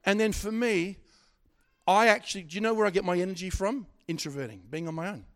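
A middle-aged man preaching a sermon, swinging from loud exhortation to quiet asides, with stammering restarts. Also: high voice, quick pace.

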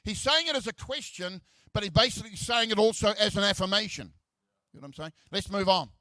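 A man's voice: high voice, animated, fast talker, sharp tone, no room sound. A middle-aged man preaching a sermon, reading scripture aloud, often repeating words and dropping joking asides. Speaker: pastor.

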